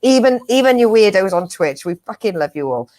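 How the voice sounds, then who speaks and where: A woman's voice: mid-range voice, big pitch swings, brisk, a little mellow, no room sound. Woman co-host, bawdy and jokey, dry close sound. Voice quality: bawdy, laughing, sweary banter. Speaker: co-host of a comedy chat show. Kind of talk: casual live-stream chat.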